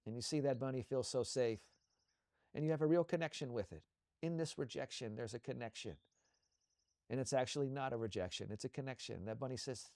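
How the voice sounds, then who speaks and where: A man co-hosting a show, leading a slow guided visualization with soothing, repetitive coaching cues. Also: mid-range voice, darkish tone, clear, resonant tone, no echo, clean studio sound.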